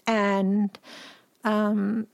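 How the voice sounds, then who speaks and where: A woman in casual chat, retelling a film's plot in an animated way and acting out the characters' lines as she goes. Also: medium pitch, extremely slow, gravelly.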